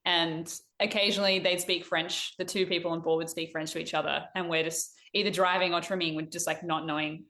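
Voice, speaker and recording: A woman's voice: lowish voice, steady tone, brisk, fairly bright tone. A young woman, a guest on a podcast, plainly explaining technical sailing details. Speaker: guest, elite sailor. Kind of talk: casual interview chat.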